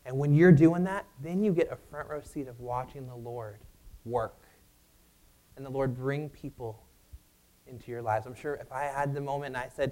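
Man preaching with animated storytelling. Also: medium pitch, brisk. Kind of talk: sermon with personal story.

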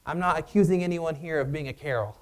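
A man preaching a sermon and telling a personal story in a conversational, animated way. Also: on the high side, fast talker.

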